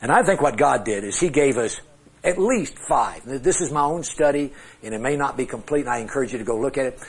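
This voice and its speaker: Middle-aged male Bible teacher, husky, animated delivery, self-mocking humor, quizzes his class. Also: medium pitch, fairly quick. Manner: conversational, asks the class questions. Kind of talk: classroom Bible lecture with charts.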